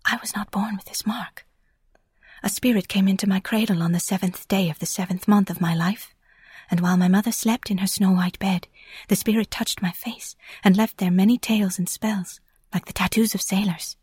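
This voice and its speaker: A still, mysterious young girl speaks in a whispered role-play, as a woman puts her on. Her voice is breathy and hushed, barely more than air. It sits close and dry, with no room sound. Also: medium pitch, fairly even intonation, normal speed, no echo.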